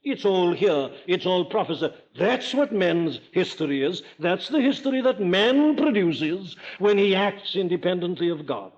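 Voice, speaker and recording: In a dull, lo-fi archival recording, an older man from Wales delivers a sermon in his Welsh accent with a high-pitched, animated voice. He speaks unhurriedly with few pauses, firing rhetorical questions and rising to forceful declarations.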